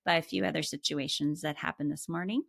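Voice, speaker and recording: A woman's voice: sits low, fast, gravelly, no room sound, studio quality. A middle-aged woman co-hosting a podcast, talking expressively and laughing often. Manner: expressive, laughs often, acts out voices in examples. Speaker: podcast co-host, therapist. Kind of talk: casual chat.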